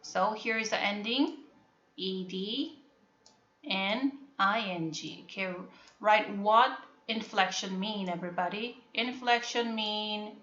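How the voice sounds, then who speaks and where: A woman's voice: medium pitch, takes it slowly, fairly bright tone, a little hiss or hum. Woman teacher drilling phonics, Korean accent. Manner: repetitive, drills words and asks if students understand. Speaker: English teacher. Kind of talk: classroom phonics lesson. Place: classroom. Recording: echoey classroom, dull lo-fi sound.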